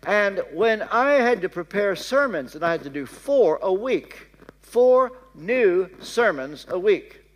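An older man with a Kentucky accent preaching a sermon, telling a story and sinking to hushed tones when quoting his prayers. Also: sits high. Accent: Southern American, Kentucky. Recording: reverberant hall.

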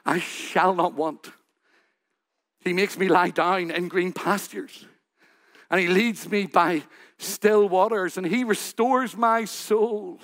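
A man playing an old pastor who speaks slowly, quietly and reverently, with a lower voice than his own. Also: expressive, no echo, clean studio sound, full character voice. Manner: slow, hushed and deliberate.

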